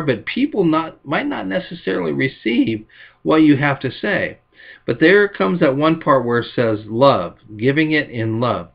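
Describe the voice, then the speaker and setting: A man preaching a sermon with a slightly high voice. He tells stories with lively emphasis and acts out the quotes. The recording is dull and lo-fi. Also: gravelly. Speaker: pastor.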